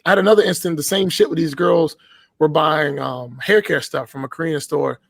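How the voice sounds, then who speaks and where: A man's voice: fairly high pitch, fairly even intonation, brisk, gravelly, no echo. Profane, emphatic man, dry sound. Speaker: podcast guest. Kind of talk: casual podcast chat.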